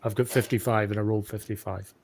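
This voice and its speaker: A man's voice: lowish voice, level tone, fast, a little mellow, breathy edge. A man playing a tabletop game, speaking in character in a stammering, pedantic way. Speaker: player. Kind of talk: tabletop role-play in character.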